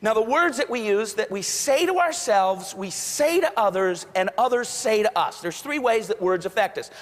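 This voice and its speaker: A man's voice: high-pitched, expressive, moderate pace, in a large hall. A man giving a motivational keynote speech, telling stories and acting out the voices of the people in them. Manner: storytelling, acts out quoted voices. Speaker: keynote speaker.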